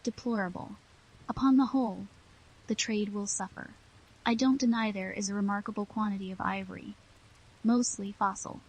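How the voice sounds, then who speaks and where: Brief: woman voicing a prim, officious manager, husky voice, audiobook reading. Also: medium pitch, steady tone, darkish tone, low-quality recording. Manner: measured, officious. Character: smug cautious company manager, a man.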